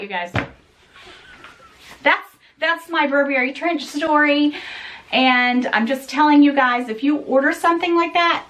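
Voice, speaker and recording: Exasperated high-voiced woman vlogger. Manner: animated, exasperated, talks straight to viewers. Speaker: fashion vlogger. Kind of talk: casual unboxing chat to camera.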